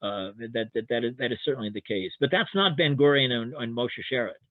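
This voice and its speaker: A man's voice: medium pitch, a little fast, no room sound. Older man, historian guest, hesitant, lots of restarts, dry sound, tinny phone-like audio. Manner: hesitant, many restarts and fillers. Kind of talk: academic webinar discussion. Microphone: video call.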